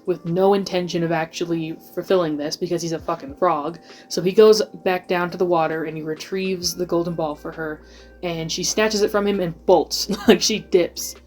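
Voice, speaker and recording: A woman talks her way through a casual video essay, rambling and leaning hard on filler words. Her voice sits on the low side for a woman. Faint background music plays quietly under her. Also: steady tone, moderate pace.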